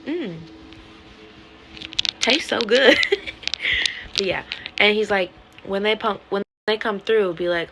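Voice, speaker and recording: A woman casually retelling a webtoon plot to her viewers, animated and swearing freely, acting out the characters' lines. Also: mid-range voice, slow, vocal fry, long pauses, slight background noise, low-quality recording. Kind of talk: casual storytime rant.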